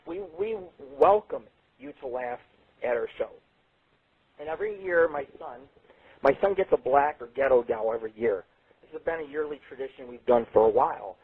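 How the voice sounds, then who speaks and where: A man hosting a late-night internet radio show, telling rambling, profane stories with sudden jumps in pitch. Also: expressive, normal speed, slightly rough. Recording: tinny phone-like sound.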